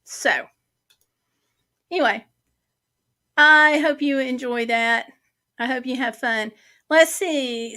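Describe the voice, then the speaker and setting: Bright, high-voiced woman chatting. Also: slow pace, long pauses. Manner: rambling, chatty, easily sidetracked. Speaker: livestream host. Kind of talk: casual livestream chat. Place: home office.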